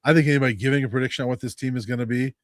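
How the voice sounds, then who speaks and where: A man at a middle pitch lays out his analysis as a guest on a sports show, steady and explanatory, with frequent "uh" and "you know." His voice sounds dry and close, with no room around it. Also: dry recording. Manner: measured, explanatory, many fillers. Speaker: college football beat writer, guest.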